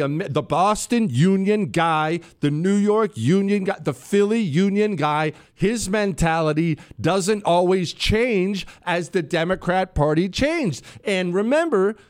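A man hosting a talk radio show, delivering an opinionated monologue in a conversational way, with asides to his studio crew. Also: high voice.

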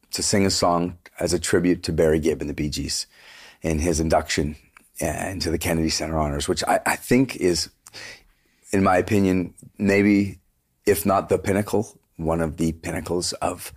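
Deep husky-voiced man telling stories. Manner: earnest, rambling storyteller with many restarts. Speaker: touring singer, interview guest. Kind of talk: casual interview conversation.

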